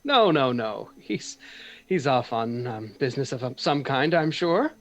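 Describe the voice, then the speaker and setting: A man's voice: mid-range voice, lively intonation, a little slow. A man voicing a dashing, flamboyant aristocrat with a grand, theatrical manner.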